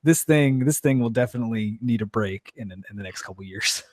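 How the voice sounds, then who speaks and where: A man's voice: mid-range voice, fairly quick, dry recording, clean studio sound. A man co-hosting a casual gaming podcast, chatty and easygoing, with lots of fillers. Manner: chatty, laughs easily, filler-heavy. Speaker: podcast co-host.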